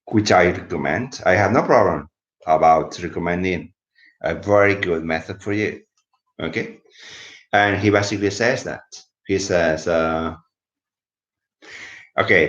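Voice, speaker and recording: A somewhat sleepy English teacher gives a casual live video lesson, switching languages from English to explain words. His voice sits low with a fairly bright tone, and the recording sounds dull and lo-fi in an echoey room.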